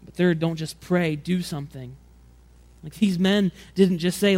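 Brief: male pastor, fairly high voice, casual sermon delivery, frequent stumbles and restarts. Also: normal speed, darkish tone. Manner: conversational preaching, acts out quotes with rising pitch and volume; frequent repeated words and restarts.

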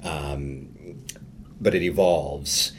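A man's voice: rumbling low, fairly even intonation, extremely slow, slight background noise. A man interviewing a guest, thoughtful and rambling with fillers. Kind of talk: conversational interview.

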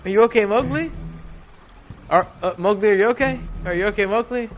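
A man's voice: fairly quick, a little hiss or hum, lightly acted. A man doing a whiny, frightened jungle boy. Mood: panicky. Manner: high, whiny, pleading.

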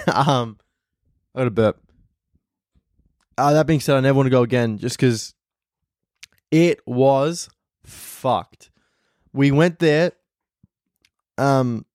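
A man's voice: medium pitch, darkish tone, no room sound, clean studio sound. A young Australian man, a comedian, telling rambling, profane stories in a casual podcast monologue from home.

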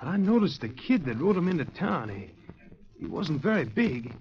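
A brash teenage bully swaggers in a high, bouncing voice in an old radio drama. He plays it broad and boastful. The recording is dull and lo-fi. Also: sing-song, moderate pace. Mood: swaggering. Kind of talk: 1940s radio acting.

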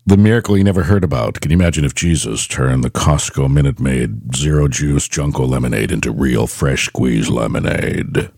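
A middle-aged podcast host, a man with a very deep voice, telling a personal story in a loose, animated ramble. He corrects himself mid-word and keeps circling back, recorded close and dry. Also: moderate pace, gravelly, hardly any pauses, dry recording. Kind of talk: casual monologue.

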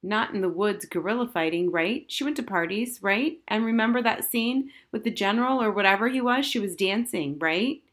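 A kindly, sensible nanny talks a child round with patient logic, as a woman reader puts her on. The voice is close to the reader's own, even and reasonable. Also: medium pitch, moderate pace, few pauses, pitched above the performer's own voice, natural voice. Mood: persuasive.

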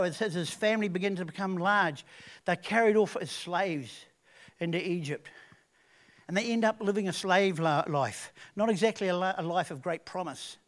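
A man preaching a sermon, retelling a story in a lively way with frequent restarts. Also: high voice.

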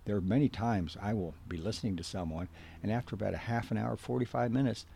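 A man's voice: lowish voice, fast talker, creaky, mellow, a little hiss or hum. A man giving a spoken teaching talk on counseling, earnest and direct, repeating key points for emphasis. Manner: gives direct instructions to the listener. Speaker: biblical counseling instructor.

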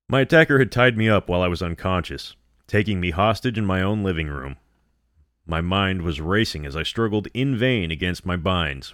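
A man with a very low voice tells a scripted horror story in a steady, measured way. The sound is dry and close, with no echo.

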